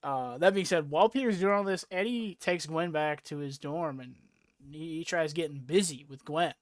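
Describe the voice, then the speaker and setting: A man's voice: a little high, moderate pace, no room sound, clean studio sound. A young man hosting a casual podcast chat, rambling with lots of fillers and swearing freely as he recaps a story. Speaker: podcast host.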